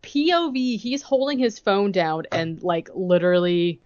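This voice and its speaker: A woman's voice: medium pitch, lively intonation, measured pace, a little mellow, no room sound, lo-fi sound. Chatty woman recapping a movie on a podcast. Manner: chatty, heavy use of "like", quotes characters and her own reactions. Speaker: podcast co-host. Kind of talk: casual chat recapping a movie.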